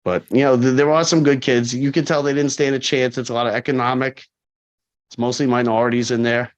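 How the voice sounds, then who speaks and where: A man in his forties, a corrections officer, telling stories in a casual interview, animated and full of fillers. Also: mid-range voice, fairly quick. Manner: animated, acts out quoted people, frequent fillers. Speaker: corrections officer, podcast guest. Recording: dull lo-fi podcast audio.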